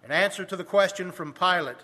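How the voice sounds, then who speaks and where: High, bright-voiced preacher in a reverberant hall. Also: male voice. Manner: reads scripture in King James wording, slows for emphasis. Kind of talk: sermon.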